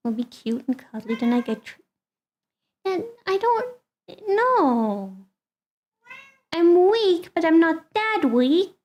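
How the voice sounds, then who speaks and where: High-voiced chatty woman streamer. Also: sing-song, slow, pauses often, darkish tone, muffled recording. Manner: chatty, talks fondly to her cat. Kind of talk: casual chat with viewers.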